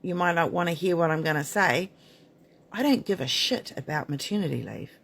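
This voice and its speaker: A woman's voice: fairly low pitch, animated, fairly quick, gravelly, fairly bright tone. A middle-aged woman midwife giving a frank, emphatic talk to camera, blunt and candid. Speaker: midwife and maternity author.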